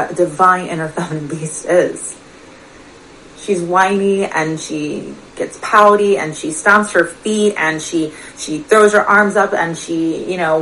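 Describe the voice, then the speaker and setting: A woman's voice: on the low side, a bit bright, slight background noise, poor audio. A woman coach giving a motivational talk straight to her listeners, earnest and confiding, often asking them questions. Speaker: personal development coach. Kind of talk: motivational direct-to-camera talk.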